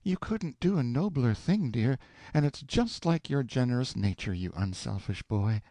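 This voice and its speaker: A man's voice: mid-range voice, expressive, moderate pace, warm tone, dry recording, clean studio sound, pitched above the performer's own voice, lightly acted. A man voicing a prim, prudent middle-aged wife in an audiobook, reproving and careful with money. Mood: calm. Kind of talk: audiobook character voice.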